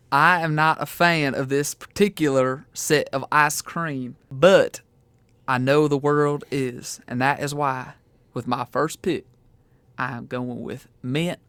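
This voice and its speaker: A man's voice: on the high side, a bit bright, clear, resonant tone, no room sound. A man putting on an exaggerated Southern good old boy voice for a podcast draft pick. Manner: hammy, breaks into laughs.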